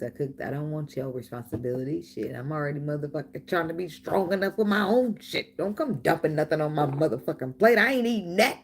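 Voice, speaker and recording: A woman's voice: low voice, darkish tone, slight background noise. A middle-aged woman giving a casual tarot reading, joking and swearing freely with frequent laughs. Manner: profane, laughing, playful banter. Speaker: tarot reader.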